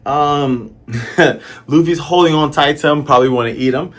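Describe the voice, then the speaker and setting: A man's voice: a little high, moderate pace. A man from the American South talking through a manga chapter in a chatty, musing way. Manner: chatty, musing, lots of fillers. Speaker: manga reviewer. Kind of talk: casual commentary.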